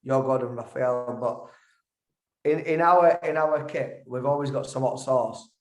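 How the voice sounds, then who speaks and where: A man with a Yorkshire accent, a musician guest telling a story in a rambling, animated way, often stumbling over his words. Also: fairly high pitch, a little slow. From Yorkshire, England. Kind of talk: casual storytelling. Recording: echoey room.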